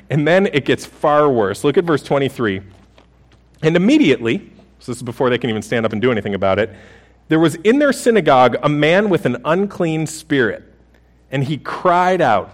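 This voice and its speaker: Conversational, joking male pastor. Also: fairly high pitch. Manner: conversational and humorous, with many restarts. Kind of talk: sermon.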